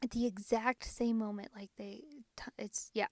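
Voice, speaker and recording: Chatty woman podcast host, mid pitch, dry mic, rambling ghost recap. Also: little pitch movement, moderate pace, a little mellow, dry recording. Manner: chatty, filler-heavy retelling. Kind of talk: casual paranormal storytelling.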